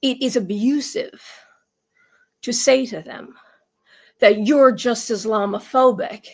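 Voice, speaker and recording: Woman vlogger, casual opinion monologue, slightly high voice, emphatic and rambling, lots of restarts. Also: takes it slowly, a little mellow. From United States. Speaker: commentary vlogger.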